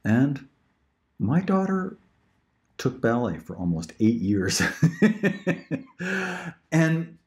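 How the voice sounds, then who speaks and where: A man talking casually about himself in a rambling audition monologue, laughing often and leaping into high pitch. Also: very animated, very slow, long pauses, darkish tone. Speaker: parent auditioning as a voice actor.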